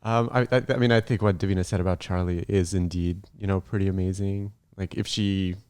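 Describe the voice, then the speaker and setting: Man, podcast guest, low voice, dry sound, hesitant. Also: steady tone, brisk, a little mellow, smooth, no room sound. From Canada. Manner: hesitant, many "you know" fillers. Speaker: guest, wedding photographer. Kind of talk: casual podcast chat.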